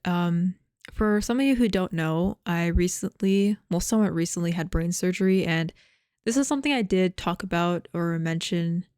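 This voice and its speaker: A woman's voice: lowish voice, darkish tone, clear, resonant tone, no room sound, clean studio sound. A young adult woman VTuber chatting casually to her viewers, rambling with many fillers and restarts while chewing gum. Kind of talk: casual chat to camera.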